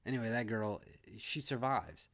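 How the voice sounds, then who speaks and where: A man's voice: mid-range voice, lively intonation, moderate pace, a bit bright. A man giving a casual movie review, blunt and exasperated, ranting with frequent restarts.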